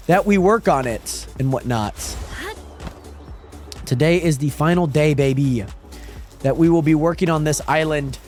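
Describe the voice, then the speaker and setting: A man streaming a game live, chatting casually with viewers and reading their messages aloud, often repeating himself. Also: a little high. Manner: chatty, reads chat aloud, trails off and repeats words. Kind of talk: casual live-stream chat while gaming.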